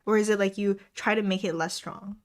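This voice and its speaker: A young woman with a steady, mid-range voice talks a little fast as she hosts a live study stream from home. Reading viewers' comments aloud, she chats casually and laughs often.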